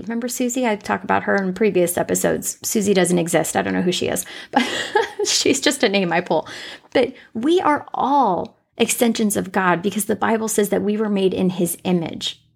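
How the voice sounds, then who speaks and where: A woman's voice: mid-range voice, gravelly, slightly rough. A woman hosting a faith podcast, talking off the cuff in a conversational way and repeating herself for emphasis. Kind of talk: unscripted faith podcast monologue.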